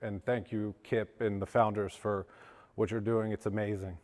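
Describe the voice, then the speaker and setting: A man's voice: lowish voice, flat delivery, moderate pace, very noisy. A man from western Pennsylvania giving a personal recovery testimony as a guest speaker at a lunch. He talks earnestly, his voice cracks with emotion and he often restarts his sentences. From western Pennsylvania, USA. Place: event hall at a lunch. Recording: long hall reverb.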